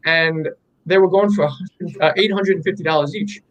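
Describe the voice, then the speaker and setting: A man's voice: on the high side, moderate pace, dull audio. A young man, an artist being interviewed, telling a story in an enthusiastic, rambling way with many fillers. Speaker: artist guest. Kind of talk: candid interview chat.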